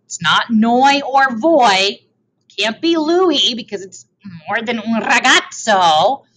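A woman's voice: a little high, lively intonation, slow, a bit bright, low-quality recording. A woman teaching a language lesson over slides. She mixes Italian and English, repeats and translates each form, and adds playful asides.

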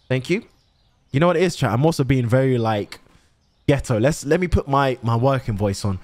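A man's voice: mid-range voice, lively intonation, fairly quick, darkish tone. A young man chatting to his chat while he plays a shop game, swearing often. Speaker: streamer playing a shop simulator. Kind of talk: casual gameplay commentary to chat.

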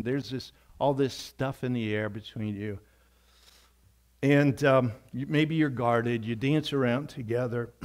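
A man of middle pitch preaches in a church with earnest, conversational warmth. He often circles back to repeat a key phrase for weight. His delivery feels like talking straight to the congregation. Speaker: pastor. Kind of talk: sermon. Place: church sanctuary.

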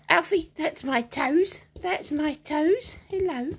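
A woman's voice: high voice, slow pace, slight background noise. A woman filming her puppies at home, chatting and cooing to them in a sing-song baby-talk way. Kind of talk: casual chat to dogs while filming. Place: indoor living room at home. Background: puppies playing.

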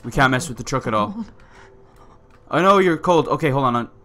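A man at an ordinary middle pitch narrating his own gameplay. He is excitable and swears often, reading the on-screen text aloud as he plays. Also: moderate pace. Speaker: gamer playing a survival game. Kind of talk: let's-play commentary.

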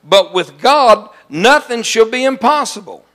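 A man preaching a sermon as pastor, animated and calling out to his congregation. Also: very high-pitched, unhurried. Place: church sanctuary.

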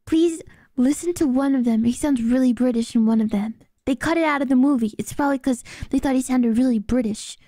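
A woman streaming casually, excitable and giggly, often squealing and laughing. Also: high voice, brisk, no room sound, clean studio sound. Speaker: VTuber streamer. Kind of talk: casual livestream chat.

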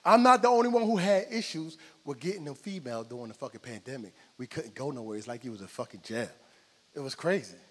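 A man's voice: medium pitch, fast, breathy edge, big-room sound, a faint crowd. A middle-aged man from New Jersey doing a stand-up set in a club, acting out both sides of every exchange as he tells his stories. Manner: animated storytelling, acts out both sides of each exchange. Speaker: stand-up comedian. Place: comedy club stage with audience.

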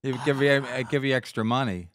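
A man in casual podcast banter, riffing loud jokes and fishing for gossip. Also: mid-range voice, fairly even intonation, fast talker, background noise.

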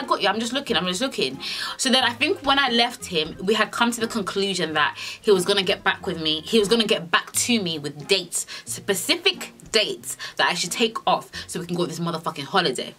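A young woman telling a storytime vlog in a sassy, animated way, swearing a lot and acting out the dialogue. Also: mid-range voice. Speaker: vlogger.

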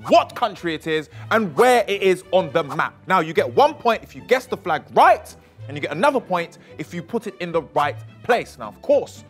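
A man's voice: high voice, very animated, normal speed, faint music behind. Teasing mock-stern male teacher host. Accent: London. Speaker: comedy show host playing a teacher. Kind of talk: comedic teacher role-play.

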